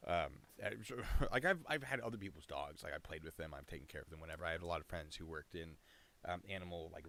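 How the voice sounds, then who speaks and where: A man's voice: deep voice, fairly bright tone. A man chatting casually on a live stream, rambling and cutting himself off mid-thought. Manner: rambling, self-interrupting, chatty.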